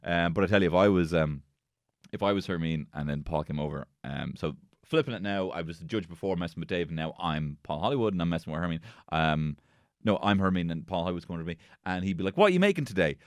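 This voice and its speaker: Animated sweary podcast host. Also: male voice, low-pitched, fast, clear, resonant tone, no echo, studio quality. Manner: sweary, rambling, jokey, bursts into silly voices. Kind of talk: solo comedic recap podcast.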